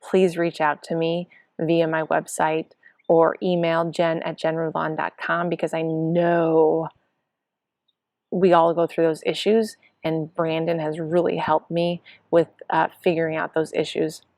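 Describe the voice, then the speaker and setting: Middle-aged woman coach, lowish voice, giddy and chatty, recapping her own race. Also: measured pace, no room sound. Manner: excited, breathless storytelling with acted-out quotes. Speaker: triathlon coach. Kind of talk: casual spoken race report.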